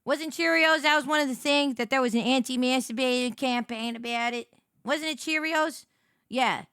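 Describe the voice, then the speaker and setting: A woman's voice: high voice, normal speed, fairly bright tone, clean tone, no room sound. A woman livestreamer chatting casually with her viewers, giggly and rambling, on a close desk microphone. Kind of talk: casual stream chat.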